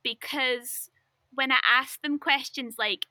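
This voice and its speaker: A woman's voice: a little high, unhurried, pushed and bright, dry recording. A woman chatting casually and upbeat as a podcast guest, laughing easily. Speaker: podcast guest discussing research. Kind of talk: casual chat.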